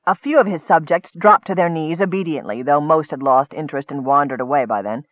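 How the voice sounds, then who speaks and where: A man narrating a comic fantasy story in a lively storytelling manner. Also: a little high, a little fast, few pauses, dry recording, phone-quality sound. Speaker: audiobook narrator. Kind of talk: scripted narration.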